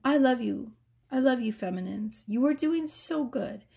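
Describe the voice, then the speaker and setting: A woman's voice: on the high side, animated, measured pace, creaky, dark tone, slightly rough. A woman tarot reader chatting casually with viewers, giggly, playful and sassy, laughing often. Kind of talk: casual tarot reading chat.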